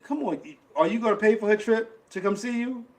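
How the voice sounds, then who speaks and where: Blunt New man, high voice. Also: brisk, darkish tone. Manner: blunt, acts out quoted voices. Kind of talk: casual chat.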